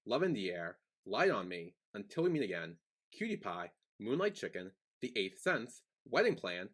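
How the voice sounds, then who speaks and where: A young man co-hosting a casual podcast, rambling and animated with lots of fillers and restarts. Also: lowish voice. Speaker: podcast co-host. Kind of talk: casual chat.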